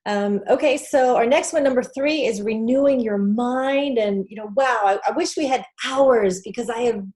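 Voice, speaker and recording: A woman's voice: mid-range voice, a little mellow. A woman presenting an online talk, speaking in an encouraging, conversational way with many fillers, through a computer mic on a video call.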